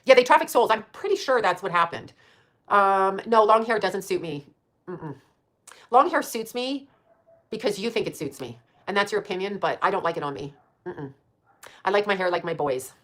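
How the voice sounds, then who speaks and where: A woman's voice: mid-range voice, expressive, moderate pace, fairly bright tone. A woman around sixty chatting casually on a livestream, rambling and blunt, swearing freely and laughing often as she answers her chat.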